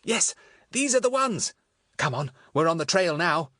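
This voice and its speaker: An eager schoolboy sleuth who takes charge, brisk and confident, as a male narrator voices him. His voice is pitched a little high and bounces lively up and down. The sound is dry and close to the mic. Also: dry recording. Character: eager, bossy schoolboy detective leader. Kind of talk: audiobook character voice.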